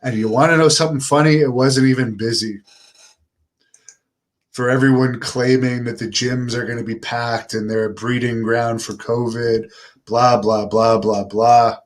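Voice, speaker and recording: A middle-aged man from Canada chatting on his own live stream. He answers viewer questions in a relaxed, unhurried way, with a flat, unenthusiastic delivery, and he talks at a mid pitch typical for a man. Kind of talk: casual live-stream chat.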